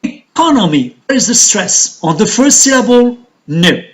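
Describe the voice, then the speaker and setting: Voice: medium pitch, expressive, normal speed, rough recording. An English teacher with an Algerian accent, giving a recorded lesson and explaining step by step, asking questions and answering them.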